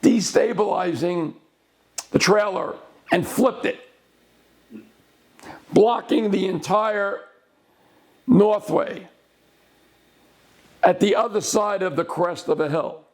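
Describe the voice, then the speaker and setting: High-voiced man telling a case story. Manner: deliberate, broken into short phrases, with slowed emphasis. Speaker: lawyer. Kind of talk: recounting a past case.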